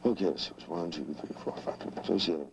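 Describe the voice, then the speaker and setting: A man's voice: low-pitched, fairly even intonation, brisk, noisy background. A man teaching a live seminar, rambling and restarting sentences, with irreverent jokes and asides. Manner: acts out voices in quotes. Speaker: seminar trainer.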